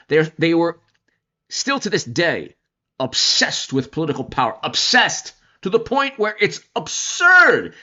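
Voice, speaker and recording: A man hosts a casual political commentary show in a slightly high, bright voice. He rambles, restarts sentences and wanders into asides. The recording sounds a little dull and lo-fi.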